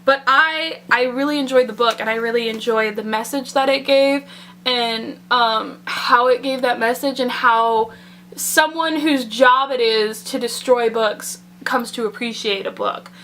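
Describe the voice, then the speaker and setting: A woman's voice: a little high, a little slow, sharp tone, a little hiss or hum. A woman in her twenties chatting nervously and rambling in a casual makeup tag vlog, recorded indoors at home. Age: 20s. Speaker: book and makeup vlogger. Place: indoors at home, away from her usual bathroom mirror.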